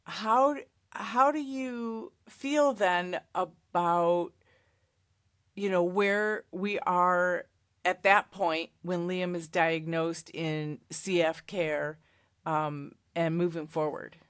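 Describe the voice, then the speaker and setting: A woman host with a lowish voice asks slow, affirming questions, often echoing back what her guest said. The sound is close and dry. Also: fairly even intonation, smooth. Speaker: interviewer, host. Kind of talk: empathetic interview questions.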